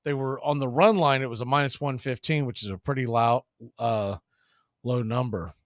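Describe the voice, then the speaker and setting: A man hosting a casual baseball play-by-play stream, chatting between pitches. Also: normal speed, dry recording, clean studio sound. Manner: relaxed, chatty, drifting into betting talk. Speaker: play-by-play announcer and show host.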